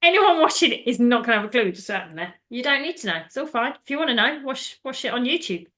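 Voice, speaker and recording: A woman's voice: fairly high pitch, sing-song, quick pace, pushed and bright. A woman hosting a podcast, chatting casually as she retells a film, laughing often and acting out the lines. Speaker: podcast host.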